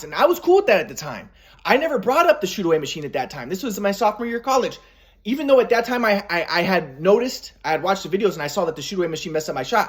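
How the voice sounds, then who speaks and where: A man telling a personal story in a rambling way, with many restarts, acting out what people said. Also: sits high. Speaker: vlogger.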